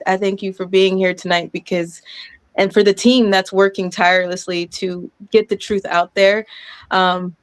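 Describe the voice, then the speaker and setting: A woman in her thirties giving an impassioned, emotional speech, loud and breaking into laughter, overwhelmed and apologetic. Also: mid-range voice, no room sound. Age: 30s. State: sweating, overwhelmed. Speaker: guest speaker.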